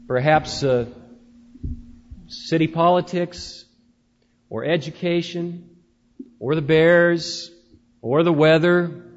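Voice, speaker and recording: A man preaching in an easy storytelling way, often pausing on "uh." His voice sits high for a man. The recording is dull and muffled, with a long hall reverb. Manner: storytelling, with frequent "uh" fillers. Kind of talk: conversational sermon.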